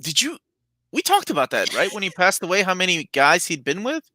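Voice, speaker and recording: A man's voice: high-pitched, huge pitch swings, brisk, pushed and bright, a little hiss or hum. A man co-hosting a casual movie chat, reacting with jokes and checking the live chat. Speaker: co-host.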